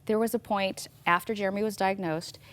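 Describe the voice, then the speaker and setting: A woman's voice: medium pitch, steady tone, a little fast. A middle-aged woman, a guest author, recounting her experience with earnest, reflective storytelling in a faith talk show interview.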